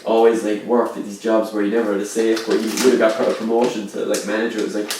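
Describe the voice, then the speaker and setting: A man's voice: fairly low pitch, little pitch movement, quick pace, darkish tone, a little hiss or hum. A young man telling laughing, slangy anecdotes in casual chat with friends. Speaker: comedy club member. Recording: echoey room, distant mic.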